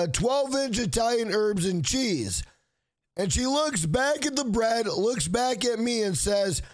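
High-voiced man telling a rant story. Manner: animated, exasperated storytelling. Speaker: channel host. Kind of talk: storytime vlog.

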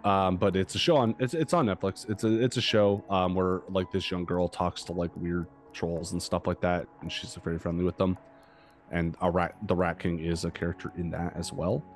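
A man's voice: deep voice, steady tone, moderate pace, slight background noise. A man narrating as game master of a tabletop game, hesitant and full of fillers.

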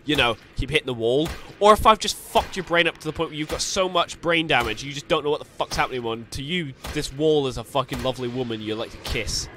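Young scottish man, gaming commentary, sweary and taunting, bright forceful tone. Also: mid-range voice, fast, hardly any pauses, slight background noise. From Scotland. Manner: sweary, taunting, yells in bursts. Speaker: gaming youtuber. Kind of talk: let's play commentary.

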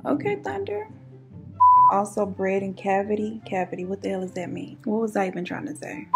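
A woman's voice: mid-range voice, animated, a little fast, creaky, soft background music. A woman, telling a true crime story in a casual, sassy way while doing her makeup at home. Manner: chatty, sassy asides. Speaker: beauty and true crime YouTuber.

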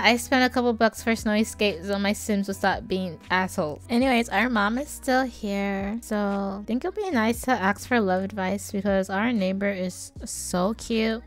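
A woman chatting casually as she comments on her own gameplay, playful and prone to sudden loud exclamations. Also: medium pitch, fairly even intonation, normal speed, hardly any pauses, soft background music. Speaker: gaming YouTuber.

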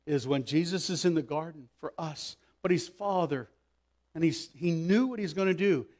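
A man preaching a sermon as pastor, emphatic, swinging between loud pleas and hushed asides. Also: on the high side.

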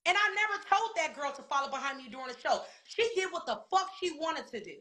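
Brief: reality star woman in a casual interview, high and bright voice, heated, profane, emphatic. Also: animated, fast. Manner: repeats words for stress. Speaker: reality TV cast member interviewed.

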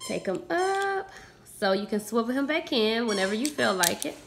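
Chatty mom with a high, whiny voice. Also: female voice, fairly quick, gravelly, noisy background. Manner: chatty, addresses viewers as guys. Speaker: mother showing toys on a family channel. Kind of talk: toy unboxing demonstration.

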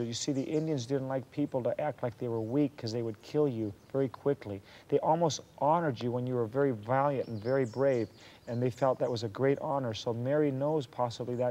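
A man's voice: mid-range voice, fairly even intonation, fairly quick, warm tone. A man telling a historical story from a Christian view, earnest and given to preachy asides to his listeners.

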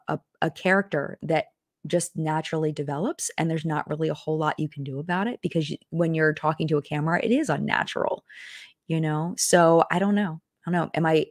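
Chatty low-voiced woman hosting a live chat. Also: no room sound, clean studio sound. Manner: chatty, rambling, lots of fillers and restarts. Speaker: host of a live chat stream. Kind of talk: casual live-stream chat reading viewer comments.

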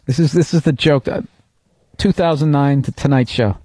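A man's voice: medium pitch, moderate pace, dark tone, no room sound. Teasing comedy radio host, man. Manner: teasing, sets up bits, stammering restarts.

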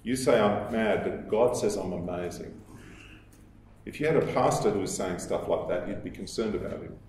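A man giving a recorded lecture, explaining at a measured pace and quoting sources, with some fillers. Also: on the low side, darkish tone, slight background noise. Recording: very echoey room.

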